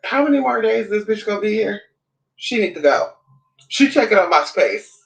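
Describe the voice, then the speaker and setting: A man's voice: high voice, very animated, moderate pace, gravelly, recorded from a distance, full character voice. A man voicing his jealous, territorial male pet dog, scolding visitors with sassy, profane talk. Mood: grumbling.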